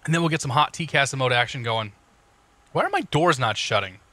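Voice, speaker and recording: A man's voice: mid-range voice, lively intonation, fairly quick, sharp tone, dry recording. A man casually talking through cockpit checklists on a live stream, joking and greeting chat viewers as he goes. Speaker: flight sim streamer.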